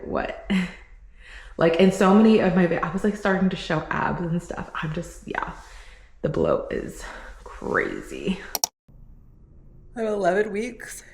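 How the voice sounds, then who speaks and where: Exhausted young woman venting to camera. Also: low voice. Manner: candid, rambling, frequent "like" and laughter. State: exhausted, tearful. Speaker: vlogger. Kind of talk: casual vlog diary.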